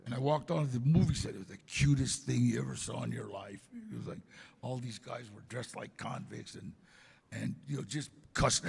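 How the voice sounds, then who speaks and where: An older man telling stories in an interview, animated and acting out the voices of people he quotes. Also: mid-range voice, a little fast, gravelly, slightly rough, big-room sound. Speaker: interview guest. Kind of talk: casual storytelling.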